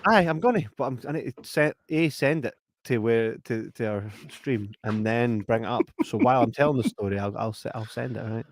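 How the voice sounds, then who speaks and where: A man's voice: fairly quick, hardly any pauses, slight background noise. A Scottish man co-hosting a podcast, telling a story in casual chat, acting out the other people in it and laughing often. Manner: animated, acts out voices with big pitch jumps, laughs often. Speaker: podcast co-host.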